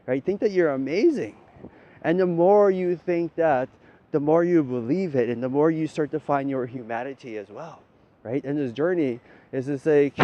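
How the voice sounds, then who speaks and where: Rambling man on a dull lo-fi recording. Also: dark tone. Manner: rambling, ends points with "right?", casual swearing. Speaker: spiritual talker. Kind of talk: rambling spiritual monologue. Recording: dull lo-fi audio with faint rumble.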